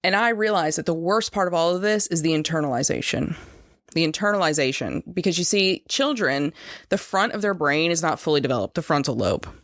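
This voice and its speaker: A woman's voice: low voice, expressive, a little fast, fairly bright tone, no echo, clean studio sound. A woman hosting a solo podcast, explaining earnestly and talking straight to her listeners. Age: adult over 25. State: choked up at moments. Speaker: podcast host.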